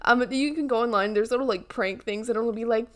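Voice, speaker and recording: A young American woman co-hosts a podcast, talking fast in a voice on the high side. The chat is casual and rambling, full of fillers and giggles.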